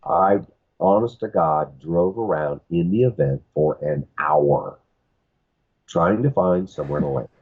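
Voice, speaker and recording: A man's voice: deep voice, unhurried, slightly rough, phone-quality sound. A man on a podcast telling a long rambling anecdote, acting out the other people's lines. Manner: rambling anecdotes with quoted dialogue. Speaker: podcast guest. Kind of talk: casual storytelling.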